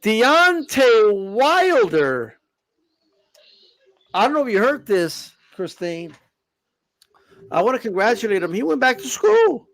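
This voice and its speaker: A man with a high, bouncy voice talks boxing in an easy, joking way. His tone has a gravelly fry to it. The sound is close and dry, with no room around it. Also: takes it slowly, long pauses, no echo. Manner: joking, animated, lots of "you know what I mean". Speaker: boxing podcast co-host. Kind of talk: casual chat.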